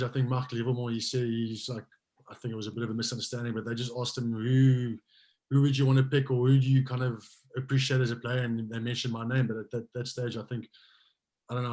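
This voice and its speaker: Fast-talking man. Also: mid-range voice, rough recording. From South Africa. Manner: relaxed storytelling, many fillers and restarts. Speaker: guest, former rugby player. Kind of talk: casual interview chat.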